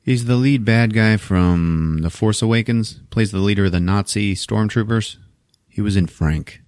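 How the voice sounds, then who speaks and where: A man with a lowish voice recaps a movie in loose, profane podcast chat. The recording is dry and close, with no room sound. He jumps between telling the story and acting out lines. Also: moderate pace, smooth, dry recording. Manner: profane, animated retelling with acted-out quotes. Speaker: podcast co-host.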